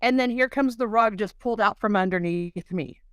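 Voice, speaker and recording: A dental implant patient appears as a guest on an interview show, recounting her personal experience with earnest emotion. She has a mid-range, fairly bright, clear and resonant voice at a moderate pace, in a dry, clean studio recording.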